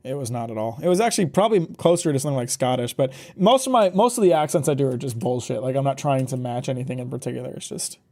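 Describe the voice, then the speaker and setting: A man's voice: mid-range voice, lively intonation, quick pace, hardly any pauses, a little mellow. Blunt joking male streamer. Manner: blunt, joking and profane, reads chat aloud. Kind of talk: casual live-stream chat.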